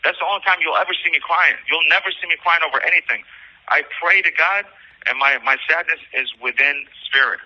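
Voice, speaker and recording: A man's voice: a little high, brisk. A man speaking from jail over a phone call, agitated and rambling, swearing as he tells his account. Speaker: jail inmate on a recorded call. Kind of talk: emotional personal account.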